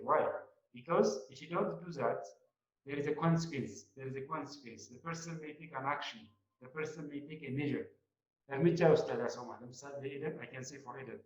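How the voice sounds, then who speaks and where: A man teaching an English grammar class, repeating his points and often checking with "right?". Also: mid-range voice. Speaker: college English lecturer. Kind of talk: classroom lecture. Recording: echoey muffled classroom recording.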